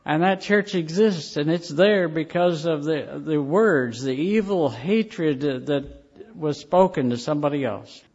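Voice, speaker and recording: A male pastor delivers a sermon as an earnest storyteller, leaning on slow, weighted phrases. His voice sits a little high for a man. The recording is dull and lo-fi. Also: a little mellow.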